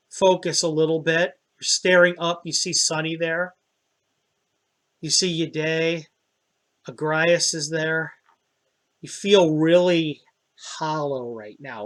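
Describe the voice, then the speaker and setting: A man running a tabletop game as dungeon master, describing scenes in a relaxed way with hesitant fillers. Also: a little high.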